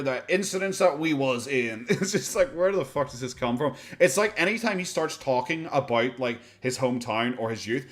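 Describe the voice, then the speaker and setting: An Irish man talks over a video in casual reaction commentary. His voice sits at an ordinary pitch, and his tone is sarcastic and salty, with frequent swearing and laughter. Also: fairly bright tone. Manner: sarcastic, profane, laughs often.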